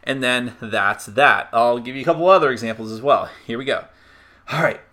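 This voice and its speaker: A board game reviewer casually explains the rules of a party game, chatty and self-mocking, laughing at his own slips. His mid-range voice is brisk with a sharp tone.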